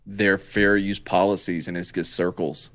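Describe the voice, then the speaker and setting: A man with a low voice co-hosts a podcast, relaxed and loose with his swearing. He sounds dry and close to the mic. He chimes in with short, blunt takes. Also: normal speed, dry recording. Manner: laid-back, profane slang. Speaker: podcast co-host. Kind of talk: casual podcast chat.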